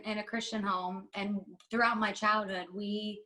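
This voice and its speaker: Guesting on a podcast, a woman speaks openly and with heartfelt emphasis, rambling, restarting and leaning hard on her words. Her pitch sits mid-range for a woman and barely moves, her pace is measured and her tone sharp. The audio quality is poor.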